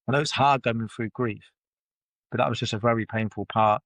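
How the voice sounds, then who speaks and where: A man's voice: mid-range voice, steady tone, fairly quick, a bit bright, dry recording. A man telling his life story as a podcast guest, blunt and swearing freely, with loose run-on phrasing. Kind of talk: candid personal storytelling in conversation. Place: podcast studio.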